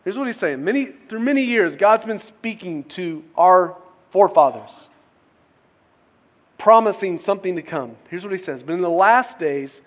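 A man's voice: high voice, lively intonation, normal speed. A male pastor preaching a sermon in a casual, conversational way, often restarting phrases and asking rhetorical questions.

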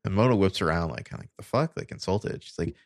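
A man co-hosting a podcast, loosely recapping a TV episode with wry asides and plenty of fillers. His voice is very deep, with a gravelly fry running through it. The sound is dry and close, with no room around it. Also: animated, fast talker, no echo. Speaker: podcast co-host. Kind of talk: casual chat, recapping scenes.

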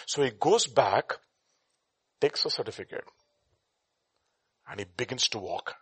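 A man preaching an animated sermon, acting out scenes and shifting between loud outbursts and quiet asides. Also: on the high side, normal speed, pauses often, slightly rough, dry recording. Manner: dramatic, acts out scenes with shouted voices.

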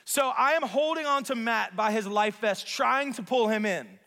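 A man preaching a sermon as pastor, telling a story in an animated, self-mocking way in a church sanctuary. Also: very high-pitched, normal speed. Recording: long reverb of a large hall.

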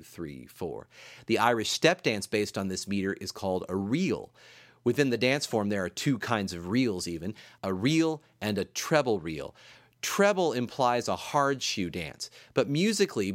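A low-voiced man lecturing in a dry room. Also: dry recording. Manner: measured, explains by counting beats aloud. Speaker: composer and music teacher. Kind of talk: recorded explanatory lecture. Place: school campus room.

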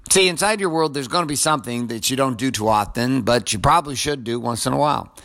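A man in his forties talks straight to his listener in a loose motivational monologue. He is blunt and swears freely, with an everyday mid-pitched voice. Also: fairly bright tone. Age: 40s. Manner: blunt, profane, conversational.

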